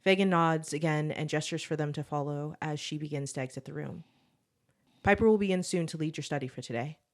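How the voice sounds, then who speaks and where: Low-voiced woman reading her story. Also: a little fast. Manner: steady storytelling read, laughs often in chat. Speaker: podcast co-host. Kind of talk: reading her own story aloud, then casual chat.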